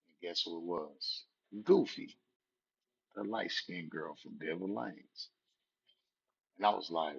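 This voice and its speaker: A man's voice: deep voice, normal speed, gravelly, pushed and bright, husky. A man, casually telling a personal story in laid-back street slang. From Southern California. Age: 40s. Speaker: vlogger. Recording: dull lo-fi recording.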